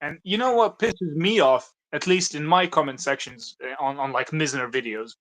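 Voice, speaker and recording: A man's voice: a little high, normal speed, a bit bright. A man chatting as a guest on a livestream, joking and laughing a lot. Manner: joking, giggly, hypes the stream. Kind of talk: casual chat on a livestream.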